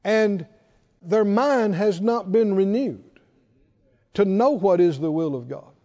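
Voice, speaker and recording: A man's voice: high-pitched, animated, slow, warm tone. A male pastor preaching a sermon, calling on the congregation to answer back. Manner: call-and-response preaching, asks the congregation to answer. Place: church sanctuary. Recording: echoey hall, dull lo-fi sound.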